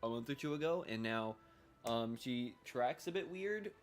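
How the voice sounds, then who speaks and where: A man streaming a video game, rambling through casual commentary, excitable and swearing freely. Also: mid-range voice, normal speed, faint music behind.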